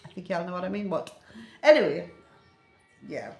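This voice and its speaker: Animated older Jamaican woman, echoey room. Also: lowish voice, normal speed, vocal fry, faint music behind. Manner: animated, laughing, bursts into loud exclamations. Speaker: language teacher vlogger. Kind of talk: casual teaching vlog.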